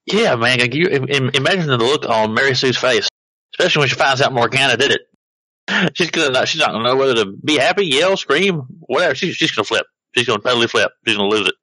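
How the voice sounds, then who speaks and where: A man playing a tabletop role-playing game, chatting in character in a jokey, excitable way. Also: mid-range voice, quick pace, no echo, poor audio. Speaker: tabletop player. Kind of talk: casual game talk, in character.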